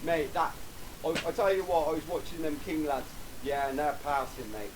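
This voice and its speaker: A man's voice: a little high, normal speed, background noise. A man hosting a casual gaming league chat, laddish and rambling with lots of restarts. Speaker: show host.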